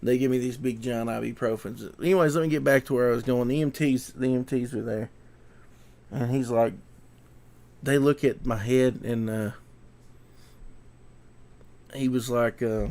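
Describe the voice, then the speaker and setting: Young man, gravelly voice, rambling casual storytelling vlog. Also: mid-range voice, fairly even intonation, moderate pace, long pauses, a little mellow. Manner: rambling, repeats himself, trails off. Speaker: vlogger.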